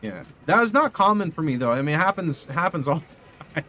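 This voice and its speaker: Rambling, animated young male streamer. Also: on the high side, brisk, a little hiss or hum. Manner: rambling, animated, casual swearing. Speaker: video game streamer. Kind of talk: casual storytelling to live chat. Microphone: condenser studio mic.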